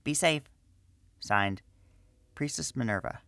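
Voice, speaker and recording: A man's voice: medium pitch, lively intonation, slow, gravelly, sharp tone, no room sound, pitched above the performer's own voice, exaggerated voice. A man voicing a caring older priestess reading out her letter, earnest and cautioning, in a storybook.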